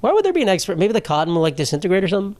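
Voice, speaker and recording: A man's voice: sits high, sing-song, racing, a little mellow, no echo. Rambling, profane man on a dry mic. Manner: rambling, profane, self-mocking storyteller. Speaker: podcast host. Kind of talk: solo comedy podcast monologue. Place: home setup.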